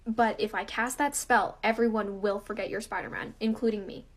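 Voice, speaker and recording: A woman voicing an offhand male sorcerer in a quiet, muttered delivery. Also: medium pitch, fairly even intonation, normal speed, voice pushed down, close to an everyday voice. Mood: deadpan. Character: calm male sorcerer, offhand and matter-of-fact.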